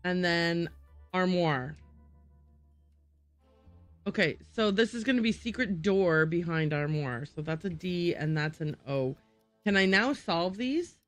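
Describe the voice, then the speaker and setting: A woman's voice: fairly low pitch, animated, slow, long pauses, no echo, soft background music. A woman streaming a game, thinking aloud and muttering to herself as she works through word puzzles. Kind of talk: casual gameplay livestream.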